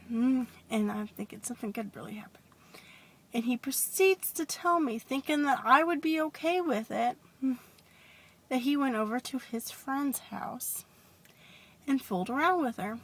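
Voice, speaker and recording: A woman telling a personal story in a confessional vlog, hesitant and rambling with many restarts, sometimes dropping to a soft whisper. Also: a little high, normal speed. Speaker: vlogger.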